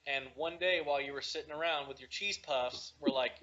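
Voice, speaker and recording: A man's voice: fairly high pitch, a little fast, bright, forceful tone, muffled recording. A man co-hosting a podcast in casual chat, arguing his point insistently. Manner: argumentative, insistent. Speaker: podcast co-host.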